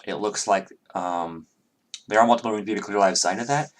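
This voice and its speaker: A man's voice: lowish voice, a little fast. A man narrating as game master, rambling with many fillers and self-corrections.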